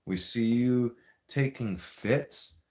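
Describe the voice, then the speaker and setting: A man of middle pitch talks slowly and deliberately on a casual live stream. He speaks straight at his viewers, confrontational and rambling, circling back over his points with restarts. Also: darkish tone.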